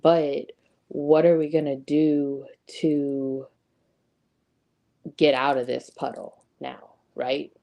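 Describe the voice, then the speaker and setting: Low, mellow-voiced woman giving casual advice. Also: level tone, slow, gravelly, long pauses. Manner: conversational, many ums and rhetorical "right?". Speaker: host. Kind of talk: casual motivational talk.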